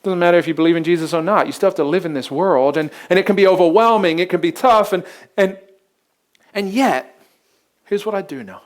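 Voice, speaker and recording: A man's voice: high voice, fairly quick. A male pastor preaching a sermon in an earnest, conversational way, often repeating words as he begins a sentence.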